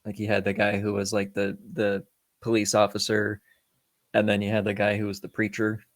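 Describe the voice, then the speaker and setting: A man's voice: on the low side, monotone, normal speed, no echo. A man in his thirties co-hosting a casual film review podcast, joking, swearing and quoting lines in silly voices. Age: 30s. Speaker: podcast co-host.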